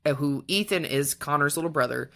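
A young woman with a notably low voice chats through a book's plot on a podcast. She retells it with animation and drops into quick voices for the characters. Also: gravelly, sharp tone. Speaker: podcast co-host. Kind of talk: casual book-review chat.

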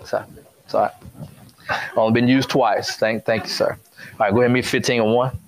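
A man's voice: mid-range voice, steady tone, brisk, slight background noise. A man preaching a sermon to a congregation, talking conversationally, repeating his points and asking the room questions. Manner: conversational, repetitive, call-and-response with congregation.

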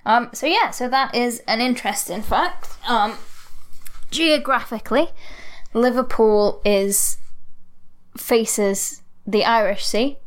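Smooth-voiced chatty woman. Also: fairly high pitch. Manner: chatty, laughs often, quick asides. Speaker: podcast co-host. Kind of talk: casual chat.

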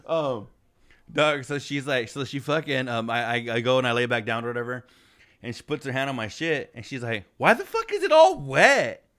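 A man's voice: medium pitch, fairly even intonation, a little fast, a bit bright. A man hosting a casual podcast, telling a crude story with lots of swearing and laughter. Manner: laughing, swearing, quoting others in raised voice. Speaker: podcast host.

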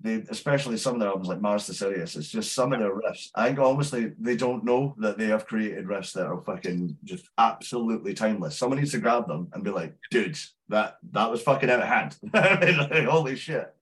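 A Scottish man with a fairly low voice talks loosely as a podcast guest. He swears freely and laughs often as he chats. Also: lively intonation, a little fast, hardly any pauses, fairly bright tone. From Scotland. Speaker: musician guest. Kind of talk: casual podcast interview.

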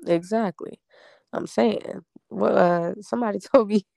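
Young female singer, gravel in her voice, dry close sound; blunt, slangy, laughs easily. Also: medium pitch, unhurried, mellow, dry recording. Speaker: singer promoting her debut EP. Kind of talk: casual interview chat.

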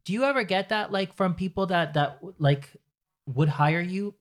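Male podcast host of Latin American origin, a touch high-pitched, quick and animated in chat. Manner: fast, animated, puts on quoted voices. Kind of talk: casual chat.

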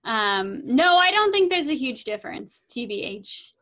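A woman's voice: sing-song, a little slow, fairly bright tone, poor audio. A young woman from California, co-hosting a podcast and chatting casually as she recaps a movie, bubbly and acting out the characters' lines. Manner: bubbly, acts out characters' lines with big jumps up in pitch. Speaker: podcast co-host.

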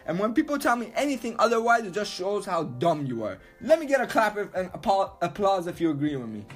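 A man ranting loudly and emphatically, swearing a lot and repeating himself. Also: high voice, sing-song, fairly quick, faint music behind. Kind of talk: profane rant to camera.

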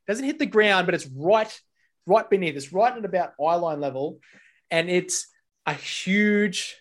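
An Australian man talking casually on a podcast. His voice sits a little high, and he tells stories in an animated way, with plenty of swearing. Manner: swears a lot, animated storytelling. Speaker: podcast host.

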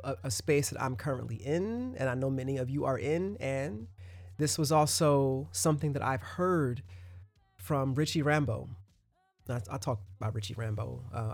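A man's voice: medium pitch, gravelly, no echo. A man hosting his own podcast, talking loosely in a casual solo monologue with restarts and asides. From United States. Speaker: podcast host.

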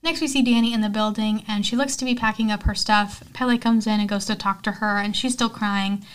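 A woman's voice: medium pitch, fairly even intonation, a little fast, clear, resonant tone. A woman hosting a podcast, recapping a movie in a rambling, casual way, with lots of "like" and some swearing. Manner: rambling, heavy on "like", swears freely. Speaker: podcast host.

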